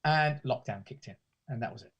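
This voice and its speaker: A man's voice: mid-range voice, fairly quick, a bit bright, highs cut off. A man from the UK, a guest in a casual interview, talking in a rambling way with many restarts. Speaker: guest, pantomime academy founder.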